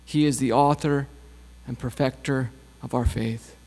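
Slow-preaching man in a reverberant hall. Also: medium pitch, steady tone, a little mellow. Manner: slow, repetitive preaching cadence. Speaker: pastor. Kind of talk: sermon.

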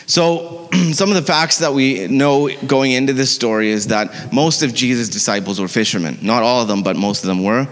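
A man's voice: mid-range voice, moderate pace, few pauses. A man giving a conversational sermon, with frequent fillers and self-corrections. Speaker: preacher. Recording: long church hall reverb.

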